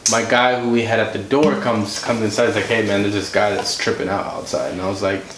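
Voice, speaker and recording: A man's voice: on the low side, a little fast. A man, a podcast guest, telling a story in a casual way and acting out the voices of the people in it. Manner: animated, acts out quoted dialogue. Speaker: podcast guest, music director and producer. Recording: roomy room, faint noise.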